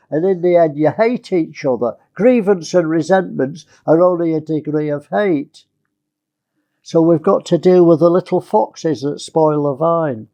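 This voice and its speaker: A man's voice: a little high, warm tone. A male preacher giving a conversational sermon, asking his listeners rhetorical questions.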